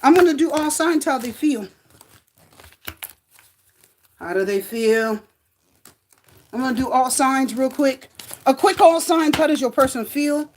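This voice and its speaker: A woman hosting a live tarot reading stream, chatting casually and greeting viewers by name in a sing-song, drawn-out way. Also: high-pitched, a little hiss or hum.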